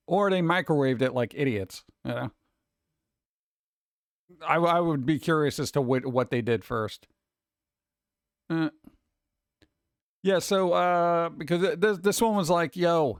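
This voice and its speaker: Excitable man reacting, dry close sound. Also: on the high side, clean tone, no echo. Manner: excitable, exclamatory, rambling. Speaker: host. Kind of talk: casual reaction commentary.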